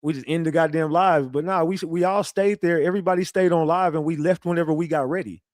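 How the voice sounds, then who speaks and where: A man's voice: a little high, fast, dry recording, studio quality. A man ranting casually on a livestream. He is defensive and boastful, swears a lot and talks straight to his chat with many restarts. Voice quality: profane, animated, repetitive restarts. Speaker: livestream commentator.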